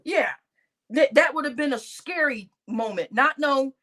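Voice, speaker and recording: A woman vlogger giving casual commentary, telling stories in a slangy, animated way and often breaking into laughter. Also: sits high, unhurried. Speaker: vlogger reacting to news.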